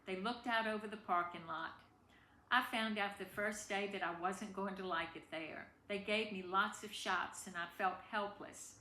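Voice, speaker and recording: A woman with a mid-range voice and a sharp tone reads a family memoir aloud at a moderate pace, tender and emotional as she shares this personal story. The room is echoey, with faint background noise.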